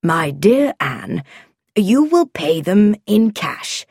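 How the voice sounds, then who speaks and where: A woman's voice: medium pitch, very animated, slow pace, gravelly, darkish tone, slightly rough, no echo, clean studio sound, full character voice. A woman reading the lines of an absent-minded elderly professor father in a storybook, fussy and mildly irritable. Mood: irritated.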